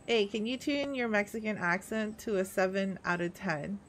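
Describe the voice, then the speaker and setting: A woman's voice: mid-range voice, normal speed, a bit bright. A young woman streamer chatting casually with her chat while playing, laughing often. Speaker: VTuber streamer.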